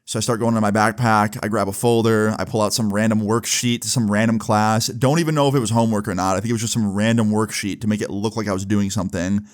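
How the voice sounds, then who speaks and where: A young man telling a personal story in a casual vlog, animated, with lots of fillers. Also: lowish voice, quick pace, hardly any pauses. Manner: animated, swearing, fillers like "like" and "right". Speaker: vlogger.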